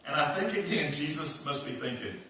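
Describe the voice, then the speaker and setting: A man preaching a revival sermon, telling the story in an animated way and acting out the characters' lines. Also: a little high, a little fast, heavy background noise. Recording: echoey hall, distant mic.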